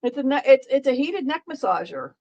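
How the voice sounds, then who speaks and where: A woman's voice: high voice, big pitch swings, brisk, darkish tone, muffled recording. A woman live streamer chatting casually with her viewers, rambling, joking and repeating herself as she talks to the chat.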